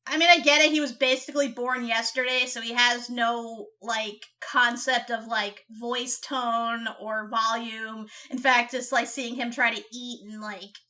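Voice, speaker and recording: A woman's voice: on the high side, fairly even intonation, unhurried, few pauses, bright, forceful tone. A woman co-hosting a casual movie review podcast, talking in a chatty way with many "like" fillers. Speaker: podcast co-host.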